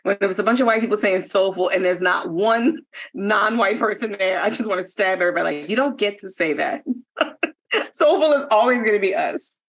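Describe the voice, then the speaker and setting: A woman in casual chat, animated and laughing often, acting out quoted lines. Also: medium pitch, a little fast.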